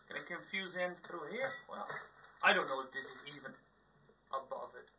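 A man's voice: on the high side, brisk, creaky, pushed and bright. A man commenting on his own gameplay in a casual way, swearing a lot and exclaiming in frustration. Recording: mic a bit far off, faint noise.

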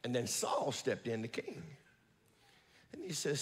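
A male pastor preaching a sermon, telling the story with animated delivery and calling out to the congregation. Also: medium pitch, unhurried, long pauses, breathy edge, long reverb tail. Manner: builds to shouting at peaks.

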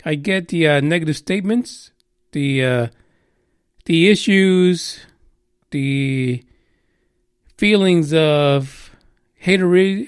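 High-voiced, profane, sarcastic male podcaster. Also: clear, resonant tone, no echo, studio quality. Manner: profane, sarcastic, rambling with many fillers. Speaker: podcast host. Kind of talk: casual podcast monologue.

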